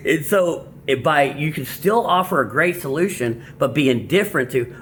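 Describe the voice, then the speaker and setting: A man's voice: fairly high pitch, animated, normal speed, hardly any pauses, fairly bright tone, a little hiss or hum. A man vlogging casually about dating advice, loose and crude with many restarts and asides. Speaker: vlogger summarizing a self-help book. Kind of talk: casual, rambling talk.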